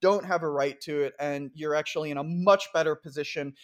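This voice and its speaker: Chatty, slightly high-voiced male host. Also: fairly even intonation, brisk. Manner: wry, chatty, reads quotes aloud. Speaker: podcast host. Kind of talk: casual news podcast.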